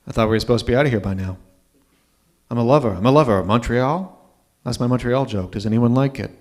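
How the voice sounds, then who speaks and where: A man impersonating a dry, wisecracking elderly male comedian with slow, drawling quips. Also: medium pitch, close to an everyday voice.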